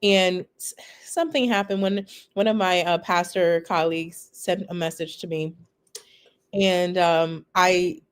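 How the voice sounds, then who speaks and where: A woman's voice: on the low side, clean tone. Woman podcast co-host in ministry, chatty and careful with her words. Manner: wordy storyteller, deliberate phrasing. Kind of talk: casual chat.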